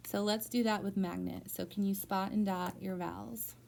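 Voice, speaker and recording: A woman's voice: medium pitch, fairly even intonation, normal speed, vocal fry, darkish tone, a little hiss or hum. A woman teaching reading one-on-one, prompting a student step by step with patient encouragement. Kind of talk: one-on-one phonics tutoring.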